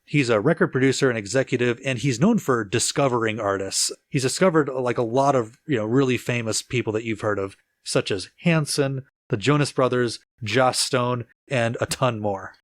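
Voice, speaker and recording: A man co-hosting a casual music-history podcast, relaxed and chatty with easy laughter and plenty of fillers. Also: mid-range voice, normal speed, few pauses. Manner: relaxed storyteller, laughs easily, lots of filler "like". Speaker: podcast co-host.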